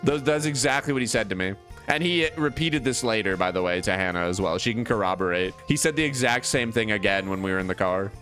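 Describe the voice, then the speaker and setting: A young man streamer telling a long funny story in casual chat, animated and full of "like" fillers, acting out the people in it. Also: fairly low pitch, fast, faint music behind. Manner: animated, many "like" fillers, acts out other voices.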